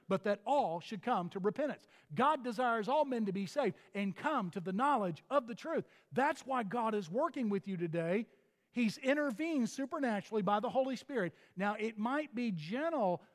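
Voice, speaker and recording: A man's voice: sits high, in a large hall. A pastor delivering a sermon in an earnest manner, often restarting his phrases.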